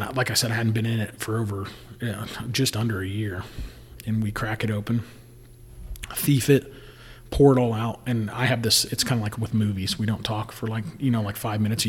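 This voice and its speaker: Laid-back storyteller man with husky voice. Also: lowish voice, big-room sound. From Indiana. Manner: rambling, laughing storyteller with many fillers. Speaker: distiller. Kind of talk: casual storytelling.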